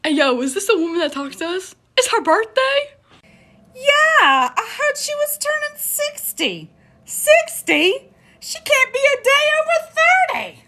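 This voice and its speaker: Chattering sassy farm birds: piercing, bright, slow and drawn out. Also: female voice, very high-pitched, very animated, pitched above the performer's own voice, heavily acted. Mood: gossipy, teasing. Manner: sassy, gossipy banter. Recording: roomy, muffled home video.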